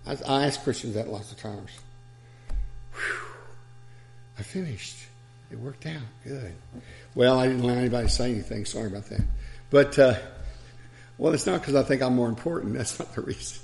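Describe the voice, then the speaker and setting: A man's voice: mid-range voice, moderate pace, vocal fry, long pauses, darkish tone. A man preacher delivering a sermon, telling stories with chuckles and asides.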